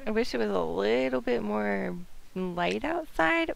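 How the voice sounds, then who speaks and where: A young woman hosting a let's play, chatting casually and excitedly, talking back to the characters on screen. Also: medium pitch, normal speed, gravelly. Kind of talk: casual gameplay commentary.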